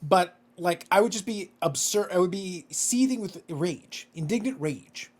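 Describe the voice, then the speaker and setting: A man's voice: high-pitched, lively intonation, measured pace, breathy edge. A man co-hosting a casual podcast, ranting with exasperation and swearing freely. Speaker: podcast co-host.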